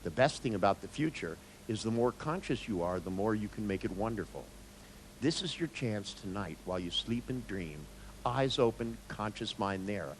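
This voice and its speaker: A man's voice: lowish voice, expressive, normal speed, a little hiss or hum, low-quality recording. A man, a therapist, giving a live seminar talk, telling stories with jokes and blunt swearing. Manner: joking, storytelling, blunt, with swearing.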